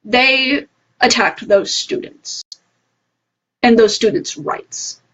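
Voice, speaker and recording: A woman's voice: mid-range voice, a bit bright, slightly rough, muffled recording. A woman giving her heartfelt opinion in a casual livestream monologue, earnest and full of fillers. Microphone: phone livestream.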